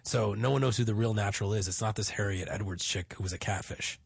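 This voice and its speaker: A man with a lowish, slightly husky voice trades crude, blunt banter as a podcast co-host. He swears easily and gets animated. The sound is dry and close. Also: quick pace, no room sound.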